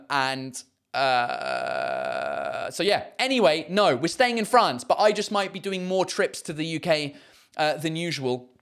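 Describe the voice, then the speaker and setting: A comedian and host with a gravelly, rather high voice reads viewer comments during a casual live stream. He rambles with plenty of fillers and the occasional swear word.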